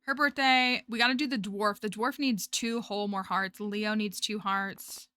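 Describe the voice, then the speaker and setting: Bright-voiced chatty woman streamer. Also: mid-range voice, steady tone, normal speed, clear, resonant tone, dry recording. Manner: chatty, thinks aloud and talks to her chat. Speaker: livestreamer. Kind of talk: casual gameplay commentary.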